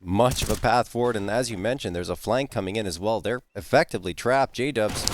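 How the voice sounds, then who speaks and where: A man's voice: on the low side, fairly quick, few pauses. A male esports analyst talks through the match in a loose, chatty way, leaning on fillers as he goes. He speaks into a headset mic. Faint noise and occasional clicks sit underneath his voice. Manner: chatty and easygoing, full of fillers like you know. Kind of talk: live esports color commentary.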